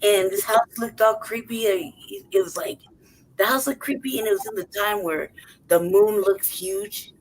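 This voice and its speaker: A woman's voice: mid-range voice, moderate pace, rough recording. A woman tells a rambling story in a loose, profane way, breaking into laughter and playing out the voices of people in it. Her voice sits in the middle range, and faint noise runs under the recording. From city-raised. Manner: profane, animated, laughs often, acts out voices. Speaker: podcast co-host. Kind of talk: casual storytelling chat.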